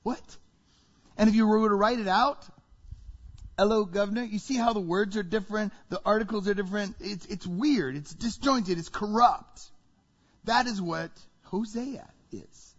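A male pastor with a high voice delivers a sermon at a moderate pace, animated and full of rhetorical questions for the congregation. The recording sounds dull and carries the reverb of a large hall.

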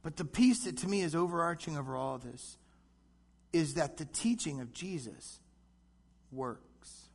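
A man preaching a sermon, animated, acting out short voices as he goes. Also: a little high, vocal fry, breathy edge. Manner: animated, acts out voices in quick asides. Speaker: pastor.

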